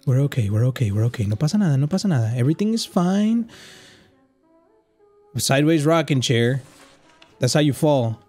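Jumpy, lively-voiced man gaming. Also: mid-range voice, brisk, long pauses, faint music behind. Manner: jittery, rambling nervous chatter; nervous laughs. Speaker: gamer. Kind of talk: horror game commentary.

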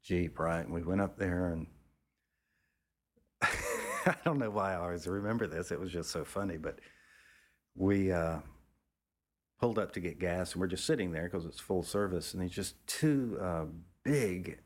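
Low-voiced man telling a rambling story. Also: moderate pace, pauses often. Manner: rambling, with frequent restarts and casual swearing; acts out other people's lines in a raised pitch. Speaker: photographer telling a story as interview guest. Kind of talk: casual anecdotal storytelling.

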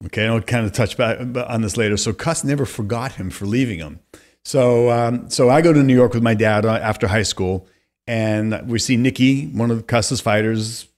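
A man in his fifties from California, a podcast guest telling long animated stories and acting out the voices of people he quotes. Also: medium pitch, normal speed. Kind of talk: conversational storytelling.

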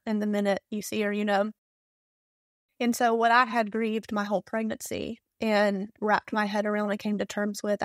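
A woman's voice: fairly high pitch, no room sound, clean studio sound. A woman in her thirties with a Southern US accent, telling a personal story candidly and with emotion as a podcast guest. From Southern United States.

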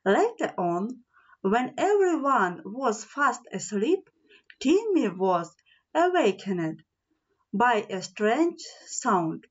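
Brief: woman storyteller for a children's fairy tale, slow and sing-song, higher voice; dull lo-fi recording. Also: sing-song, husky. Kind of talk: storybook read-aloud.

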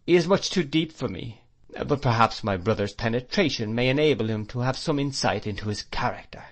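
Man doing cold harsh spinster lady, sharp tongue, disdainful, storybook reading. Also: medium pitch, expressive, fairly quick. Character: harsh stern spinster sister.

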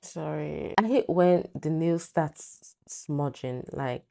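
A woman's voice: low-pitched, slow pace, creaky, dark tone, a little hiss or hum. A woman hosting a clip commentary show, giving her opinion in an emphatic, ranting way. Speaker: host. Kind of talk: commentary on clips.

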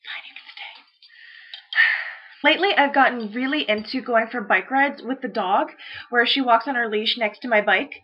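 Casting: high-pitched woman, blunt swearing vlogger, dull lo-fi webcam sound. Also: brisk, husky. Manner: blunt and profane, ranting. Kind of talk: casual rant vlog.

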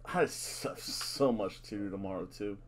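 A man's voice: on the low side, normal speed. A middle-aged man hosting a casual wrestling predictions vlog, playful and showy, with announcer-style catchphrases. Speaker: host.

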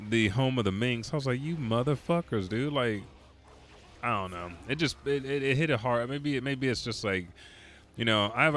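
A man's voice: lowish voice, fairly bright tone. Tired, profane, rambling young man. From Oklahoma, US. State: tired from staying up all night. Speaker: gaming streamer. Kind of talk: casual storytelling while playing.

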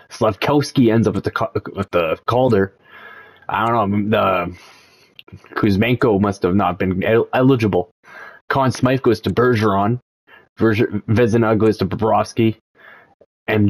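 A young man talks through a sports video game in a loose, thinking-aloud way. His voice sits a bit low, and he perks up when results get close. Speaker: gaming channel host. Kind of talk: casual game commentary.

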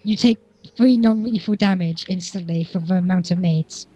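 A woman's voice: on the low side, moderate pace, dark tone. A young woman narrating a tabletop game as game master, laughing often and playful.

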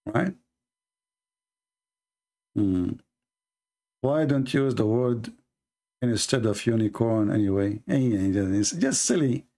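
A man hosting a religious debate, reading a text aloud and mocking it sarcastically with sudden high-pitched jabs. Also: animated, slow pace, long pauses, dark tone. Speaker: debate host.

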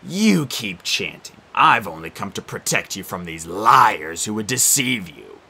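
A man voicing the sneering ghost of an ancient king, speaking slowly in a low, mocking, menacing tone. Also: sing-song, pushed and bright, slightly rough, heavily acted. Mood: sneering menace.

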